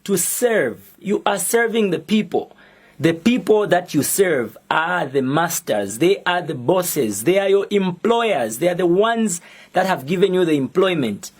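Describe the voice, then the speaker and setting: Slow, defiant Zambian man. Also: high voice, slightly rough. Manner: measured, defiant, deliberate. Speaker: musician and activist. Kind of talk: public statement video.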